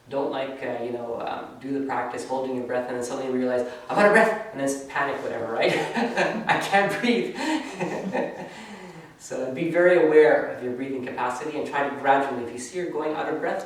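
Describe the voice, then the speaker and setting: A man teaching a yoga class in a loose, conversational way, often tagging his sentences with "right?". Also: mid-range voice. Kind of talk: casual spoken class instruction. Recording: very echoey room, voice from far off.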